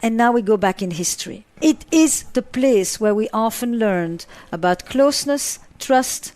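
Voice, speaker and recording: A woman's voice: fairly high pitch, expressive, unhurried, darkish tone, no room sound. A middle-aged woman psychotherapist answering interview questions, driving points home with repeated phrases and lists.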